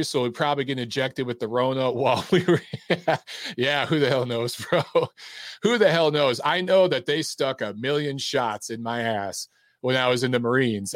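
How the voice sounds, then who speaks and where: A man's voice: mid-range voice, no echo, studio quality. A man hosting a live call-in show about boxing, talking casually and bluntly with plenty of swearing as he reads the chat and takes calls. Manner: blunt, profane and laid-back.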